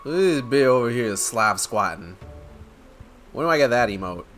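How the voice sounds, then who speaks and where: A man's voice: mid-range voice, animated, normal speed, fairly bright tone, soft background music. A man streaming a game, joking crudely and casually in let's-play commentary.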